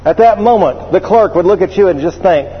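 A man preaching a sermon, working through scripture and telling humorous stories with acted voices in an animated way. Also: high voice, brisk, breathy edge. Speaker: pastor. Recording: muffled, with long reverb of a large hall.

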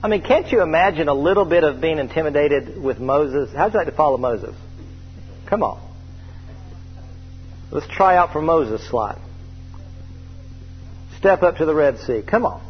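A man with a fairly high voice preaches in a church sanctuary, drawing out his scripture readings and getting animated as he tells stories. The sound is dull and lo-fi, with a long reverb trailing off his words. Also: faint music behind. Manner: preacherly, drawn-out scripture reading, lively storytelling. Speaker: pastor. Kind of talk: sermon. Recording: dull lo-fi hall recording.

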